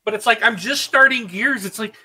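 A man's voice: sits high, fairly quick, slightly rough, poor audio. A man in his thirties co-hosting a casual gaming chat, rambling and laughing as he talks. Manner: rambling, animated, laughs often. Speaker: podcast co-host.

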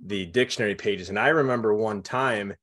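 In a casual conversation he co-hosts, a young man tells childhood stories with animation, acting out the quotes. His voice sits on the low side and runs a little fast.

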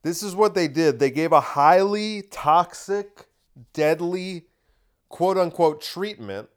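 A man hosting a podcast, talking in a sarcastic, ranting monologue full of rhetorical questions. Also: a little high. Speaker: podcast host. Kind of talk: opinionated monologue.

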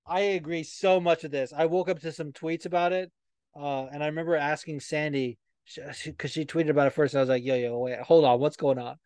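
A man's voice: a little high, brisk, clean tone, dry recording. A young man hosting a podcast, chatting casually and swearing a lot as he tells stories. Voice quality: profane, animated storytelling. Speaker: podcast host. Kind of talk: casual chat.

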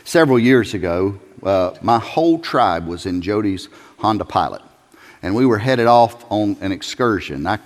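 A male pastor preaching a sermon in a folksy, emphatic way, building to loud peaks. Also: on the low side, lively intonation, normal speed. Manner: folksy, emphatic, rising to shouts. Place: church sanctuary. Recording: church hall reverb.

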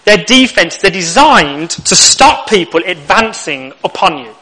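A man's voice: sits high, big pitch swings, unhurried, sharp tone, poor audio. A young man preaching a sermon, telling stories with humor and acting out little exchanges. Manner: humorous storytelling, acts out lines.

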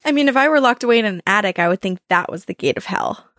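Expressive young woman, dry close sound. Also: medium pitch, quick pace, dry recording. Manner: reactive, expressive, playful. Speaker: podcast co-host. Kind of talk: casual chat.

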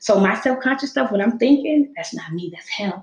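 A woman's voice: fairly high pitch, brisk. A young adult woman hosting a podcast, telling her own story in casual heartfelt talk, acting out quotes as she goes. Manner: expressive storytelling, acts out quotes. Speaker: podcast host. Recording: echoey room.

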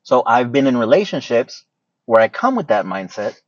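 A man's voice: medium pitch, very animated, normal speed, no room sound. A man co-hosting a podcast in casual chat, joking and laughing often, stumbling through restarts when he explains himself. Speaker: podcast co-host. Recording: dull lo-fi sound.

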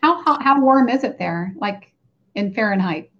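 A woman's voice: mid-range voice, animated. Chatty woman host, muffled sound. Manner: chatty, quick back-channel responses. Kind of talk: casual interview chat.

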